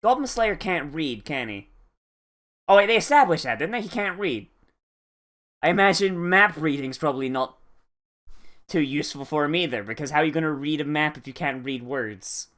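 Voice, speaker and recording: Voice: mid-range voice, animated, moderate pace, fairly bright tone. An anime reaction vlogger giving casual commentary, full of swearing, laughter and sarcastic asides.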